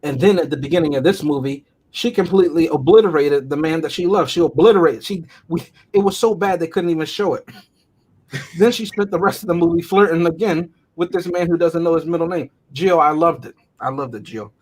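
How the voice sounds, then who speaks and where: Husky male co-host, animated and laughing, acts out quotes in casual review chat. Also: fairly high pitch, fairly quick. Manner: animated, laughs often, theatrical quoting. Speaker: podcast co-host.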